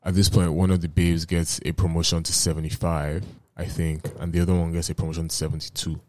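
A man hosts a casual podcast in a very low voice. He talks in a laid-back way, swears freely and drops in slang, and the recording is dry and close with no room sound. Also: level tone, fast, a little mellow, dry recording. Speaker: podcast host. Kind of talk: casual chat.

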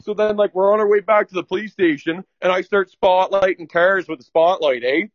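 Young guy, higher voice, swears constantly, rambling storyteller, dry close sound, slightly dull audio. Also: a little fast, dry recording. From Ontario, Canada. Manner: profane, rambling, laughing. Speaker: guest telling a story. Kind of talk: casual storytelling.

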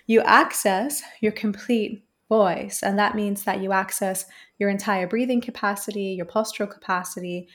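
A woman's voice: medium pitch, steady tone, normal speed. Earnest woman explaining voice work. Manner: earnest, flowing, repeats phrases for emphasis. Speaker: voice coach guest. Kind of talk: reflective interview answer.

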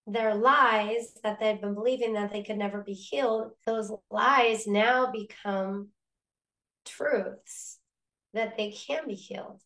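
Animated woman telling a story. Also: on the high side. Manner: animated, acts out voices in her story. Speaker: podcast guest. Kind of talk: casual testimony storytelling.

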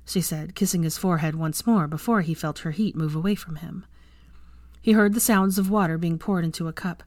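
A woman with a lower voice narrates a story in a steady, measured way, like an audiobook. The sound is dry and close, with no room ring. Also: dry recording. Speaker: fan fiction reader.

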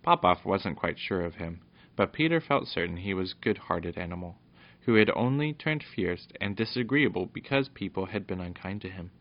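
A man reads a children's storybook aloud, narrating steadily with a few small stumbles. His voice sits low, and the lo-fi recording sounds dull.

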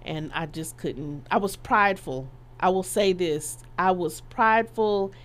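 A woman's voice: on the low side, measured pace, fairly bright tone. A middle-aged woman telling a personal story as an interview guest, acting out the quoted voices and laughing as she goes.

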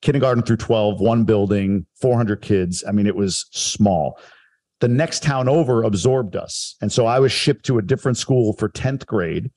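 A man's voice: on the low side, normal speed, darkish tone. Man reflecting on his past. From Long Island, New York. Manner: reflective, self-deprecating storytelling with laughs. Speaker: guest telling his life story. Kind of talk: casual podcast conversation.

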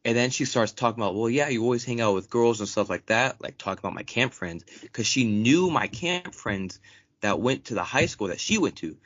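Speaking at a medium pitch and a brisk pace, this young male podcast co-host tells a story in relaxed conversation. He's profane and lively, voicing others' quotes loudly, on a dull lo-fi recording with no room sound.

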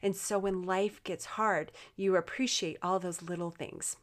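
A woman's voice: on the low side, fairly even intonation, unhurried. Woman doing a chatty motivational talk, encouraging, talks right to you, lots of ums and restarts. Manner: earnest, encouraging, addresses listeners directly; chatty with frequent fillers and restarts. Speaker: motivational speaker.

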